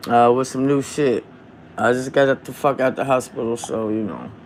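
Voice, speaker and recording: A man hosting a live stream from home, talking in a heated, profane, drawn-out rant into his phone. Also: medium pitch, fairly even intonation, slight background noise. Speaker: livestream host.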